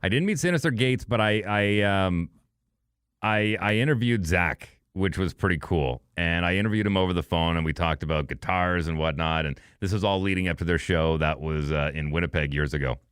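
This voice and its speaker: A middle-aged man co-hosting a podcast, telling a long anecdote in a casual, animated way and acting out the people he quotes. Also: deep voice, fairly quick, clear, resonant tone, no room sound, studio quality. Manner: animated storyteller, acts out quoted voices. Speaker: podcast co-host. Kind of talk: casual storytelling chat.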